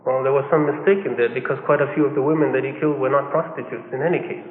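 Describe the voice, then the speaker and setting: A man preaches a sermon in an animated way and briefly acts out people's excuses. His voice sits a little high and carries through a long, echoey hall. The recording is tinny and phone-like, with faint room noise underneath. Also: a little fast.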